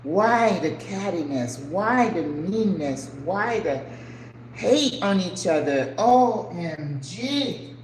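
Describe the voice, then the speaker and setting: Slow-paced and lowish, with lively intonation, the voice belongs to an older woman hosting her channel. She makes casual, earnest, emotional talk while cooking at home, asking rhetorical questions along the way. The recording carries kitchen echo and faint ambient sound.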